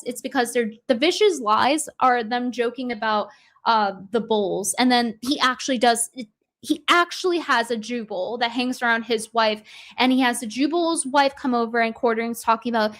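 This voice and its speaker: High-pitched woman co-host, chatty, lotta 'like's, sarcastic asides. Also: moderate pace, a bit bright. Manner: chatty, filler-heavy, sarcastic. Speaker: livestream co-host. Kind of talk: casual livestream commentary.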